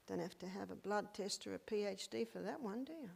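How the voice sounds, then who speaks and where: A woman's voice: a little fast, vocal fry, slightly rough. An older woman giving a health lecture, asking emphatic rhetorical questions. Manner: emphatic, rhetorical questions, lively pitch swings.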